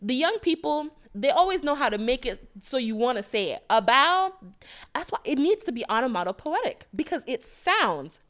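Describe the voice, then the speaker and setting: A woman co-hosting a podcast, chatting casually with playful, animated storytelling. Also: sits high, a little fast, hardly any pauses. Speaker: podcast co-host. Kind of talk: casual chat.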